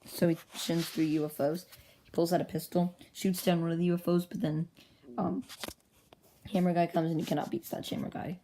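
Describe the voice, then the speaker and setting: A woman's voice: lowish voice, little pitch movement, a little fast, mellow, a little hiss or hum, poor audio. A woman casually narrating her own comic into an iPad, rambling and chatty, poking fun at herself. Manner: rambling, chatty, self-mocking. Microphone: iPad with pop socket.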